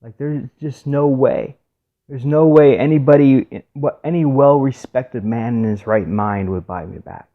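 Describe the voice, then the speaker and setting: This is a broken woman on an auction block, her words soft and hopeless, as a man voices her in his own plain voice. The recording is dull and lo-fi. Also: mid-range voice, a little slow, close to an everyday voice. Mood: despairing. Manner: soft, despairing. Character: despairing woman facing auction, weeping.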